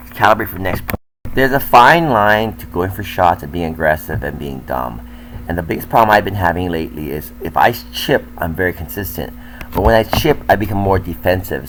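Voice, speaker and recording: A man's voice: low voice, fairly bright tone, slight background noise, low-quality recording. An older man, a tennis coach, talking candidly and self-critically as he comments over footage of his own match.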